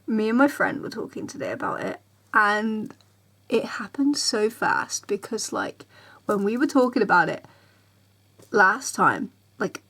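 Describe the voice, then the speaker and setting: A woman's voice: a little high, expressive, a little slow, slight background noise. Tired, rambling young woman vlogger. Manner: rambling and chatty, drifting into soft near-whispers. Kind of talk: casual chat to camera. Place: bedroom.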